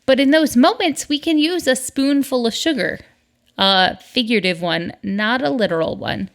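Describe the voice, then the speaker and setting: A woman's voice: high voice, moderate pace. A middle-aged woman from the northern United States hosting a solo podcast, chatty and upbeat, with asides. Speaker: podcast host.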